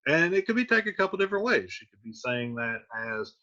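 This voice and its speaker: A man's voice: a little high, very animated, fast talker, pushed and bright. A man teaching a play, casually paraphrasing scenes with "he's like.". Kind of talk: explaining a play to students. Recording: dull lo-fi recording.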